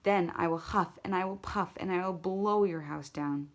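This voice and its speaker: A woman's voice: fairly low pitch, normal speed, natural voice. A woman voicing a hungry, scheming male magic shark in a storybook tale, sweet-talking through a door and threatening. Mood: furious. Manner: sweet-talking disguise, then angry threats.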